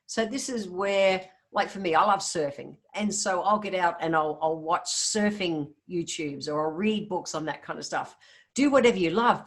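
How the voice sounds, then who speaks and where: A woman with an Australian accent hosting a casual solo health podcast, upbeat and chatty, talking straight to her listeners. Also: medium pitch. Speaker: podcast host.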